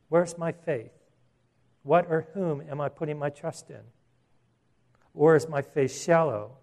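A man preaching a sermon as pastor, earnest, restarting phrases and slowing down for emphasis. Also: a little high, a little mellow.

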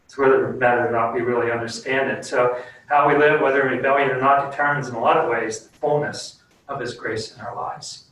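A man's voice: mid-range voice, steady tone, a little fast, a bit bright. A man preaching a sermon as pastor in an earnest, conversational, plain-spoken way, then leading a prayer. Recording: very echoey room, distant mic, faint background noise.

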